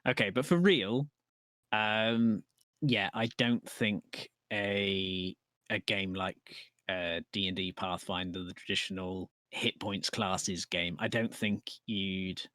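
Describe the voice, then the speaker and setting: A man's voice: deep voice, fairly even intonation, slow, a bit bright, no echo. A man co-hosting a podcast in casual chat about tabletop games, explaining thoughtfully with restarts. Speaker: podcast co-host.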